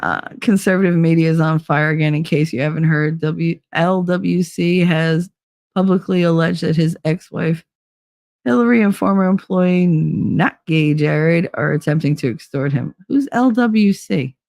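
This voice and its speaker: A woman's voice: sits low, unhurried, vocal fry, a little mellow, dry recording. A woman hosting a casual livestream, chatting loosely, greeting viewers by name and swearing freely. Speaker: livestream host.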